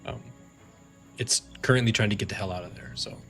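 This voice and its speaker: A man's voice: fairly low pitch, a little fast, pushed and bright, faint music behind. A man narrating as game master of a tabletop game stream, casual and rambling with fillers and restarts.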